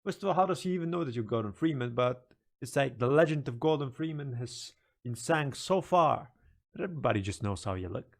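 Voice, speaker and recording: Excitable streamer with a gravelly voice. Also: male voice, medium pitch. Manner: excitable, laughing, restarts and jokes. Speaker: gaming streamer. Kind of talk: casual game commentary with dramatic lore narration.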